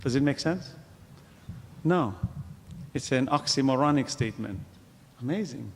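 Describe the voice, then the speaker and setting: A man giving a religious lecture to a congregation, asking rhetorical questions and pausing for emphasis. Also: mid-range voice, creaky, long reverb tail, a little hiss or hum. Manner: animated, wide-ranging delivery. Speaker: Islamic lecturer.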